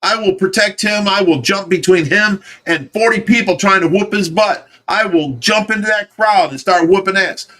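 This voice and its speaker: This is a man with a fairly high voice, hosting a relaxed livestream from a fish rescue. He talks plainly and insistently and keeps circling back to the same firm point. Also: normal speed, few pauses. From United States. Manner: emphatic, insistent, repeats himself. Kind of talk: casual livestream chat.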